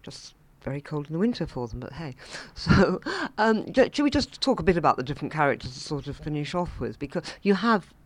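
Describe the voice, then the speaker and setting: Arts interviewer, effusive, enthusiastic, mid pitch. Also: expressive, a little fast, hardly any pauses, no echo. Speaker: radio interviewer.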